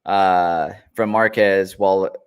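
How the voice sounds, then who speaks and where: Low-voiced man asking fight questions. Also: fairly even intonation, clear, resonant tone. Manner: measured, asks follow-up questions. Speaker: podcast co-host. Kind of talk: casual fight-talk podcast.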